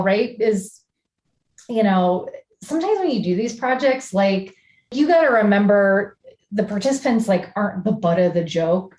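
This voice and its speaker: A woman artist talks casually on a podcast, thinking aloud and filling pauses as she works through her ideas. Her voice sits at an ordinary middle pitch. The recording has a noticeable roomy echo. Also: darkish tone. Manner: reflective, talks through ideas with many fillers. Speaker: artist guest. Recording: echoey room.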